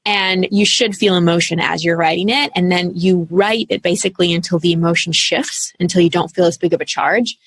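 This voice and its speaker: A woman in her thirties, a coach speaking as an interview guest, telling her story in an earnest, animated way with casual fillers. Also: fairly low pitch, fairly quick, hardly any pauses, breathy edge, no echo. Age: 30s. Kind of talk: candid interview talk.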